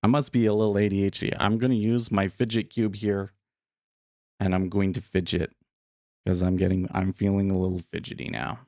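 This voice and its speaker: A man's voice: low-pitched, little pitch movement, a little fast, darkish tone, no echo, clean studio sound. A man hosting a live day trading stream, thinking aloud and rambling in a casual, self-deprecating way. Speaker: day trading livestream host. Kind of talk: live market commentary.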